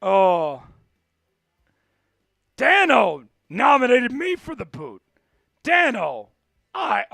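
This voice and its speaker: A man hosting a live sports stream, calling plays and shouting when his team scores. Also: extremely high pitch, extremely slow, vocal fry, long pauses, no echo, studio quality. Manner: excitable, shouts big plays. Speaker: livestream sports host. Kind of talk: live play-by-play watch-along.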